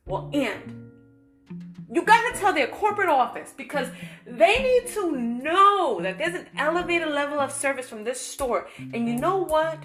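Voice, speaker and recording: A woman's voice: high voice, fairly bright tone. A woman vlogger telling an everyday story in a casual, emphatic way and acting out the voices she quotes. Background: guitar music.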